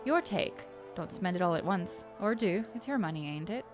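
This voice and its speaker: Game bookie: woman putting on a drawling Deep South hustler, furry and sly, wheedling patter, music under. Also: expressive, normal speed, close to an everyday voice. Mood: sly, folksy. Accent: attempted American Deep South drawl. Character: sly folksy male bookie, a furry Orlan.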